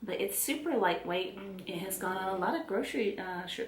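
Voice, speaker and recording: A middle-aged woman with a Southern US accent chats casually to camera as a beauty vlogger, relaxed and self-deprecating. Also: mid-range voice, a little fast, roomy sound, background noise. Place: room at home.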